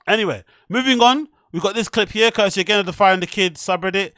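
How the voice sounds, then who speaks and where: Man, high voice, dry close sound, casual livestream commentary, swearing, laughing, mocking. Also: quick pace, bright, forceful tone, dry recording. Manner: swears often, laughs a lot, incredulous mocking. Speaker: podcast host.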